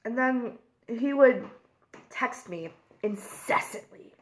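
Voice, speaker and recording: Eating while she talks to the camera, a young woman vlogger opens up candidly and emotionally, her speech packed with "like." Her voice is a little high and expressive, and she takes it slowly.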